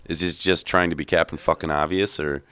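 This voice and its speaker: A man with a deep voice giving casual gameplay commentary as a gaming channel host, rambling, joking and swearing freely. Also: steady tone, brisk, sharp tone.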